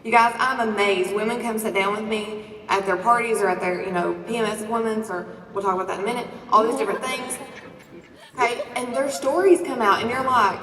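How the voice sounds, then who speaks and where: A woman with a fairly high voice delivers a motivational talk from the stage, preachy and lively, firing questions at the crowd. She sounds set back from the mic, and a long echo trails her words through the hall. A faint hum of the room sits underneath. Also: fairly quick. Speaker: conference speaker. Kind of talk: motivational talk to a live audience. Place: large conference hall. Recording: echoey hall recording from a distance.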